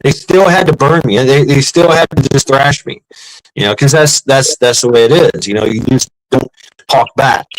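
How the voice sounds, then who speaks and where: A man's voice: medium pitch, moderate pace, dry recording, low-quality recording. A man telling rambling, profane service stories in a casual chat, with many restarts and fillers. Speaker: podcast host, former Marine.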